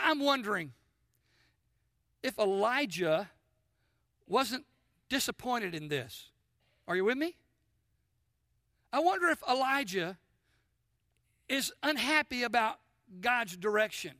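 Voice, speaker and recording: A man preaching a sermon with a high, sharp, bright tone. He throws questions at the congregation and drops from forceful emphasis to near-whispers. The sound is close and dry. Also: no echo. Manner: addresses congregation with call-and-response questions; swings between loud emphasis and soft near-whispers. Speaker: pastor. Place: church sanctuary.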